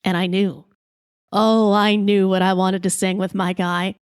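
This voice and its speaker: A woman podcast host telling a comic story in a lively, brash way, swearing freely. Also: mid-range voice, measured pace, clean tone, no room sound, studio quality.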